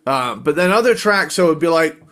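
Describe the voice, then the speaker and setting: A man co-hosting a podcast, casually explaining his reasoning in a measured way with small restarts. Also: on the high side, animated, a bit bright. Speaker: podcast co-host. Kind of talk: casual chat.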